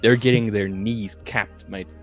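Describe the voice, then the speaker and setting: A man's voice: on the low side, fairly even intonation, measured pace, soft background music. A man from South Africa co-hosting a casual live stream, joking and calling people "mate". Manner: jokey, drops "mate" often. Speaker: co-host.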